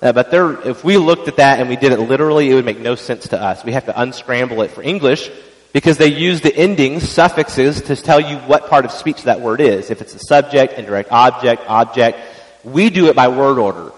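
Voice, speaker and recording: A man's voice: mid-range voice, fairly quick. Man teaching in an echoing hall. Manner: explanatory, conversational, many restarts and fillers. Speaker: church teacher. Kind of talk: evening church teaching on scripture.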